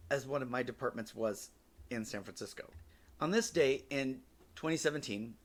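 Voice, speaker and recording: A man's voice: mid-range voice, fairly bright tone. A man in his forties, a podcast host telling personal stories in a candid, wry way with casual swearing.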